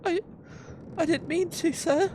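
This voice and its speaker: A game master voicing a frightened young boy prisoner who talks meekly and apologetically in a much higher voice. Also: measured pace, a little mellow, a little hiss or hum.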